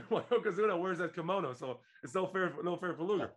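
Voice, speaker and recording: A man from Israel co-hosts a casual wrestling podcast, with a fairly high voice. He tells the story with animated energy and laughs easily. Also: fast talker. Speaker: podcast co-host. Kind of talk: casual wrestling review chat.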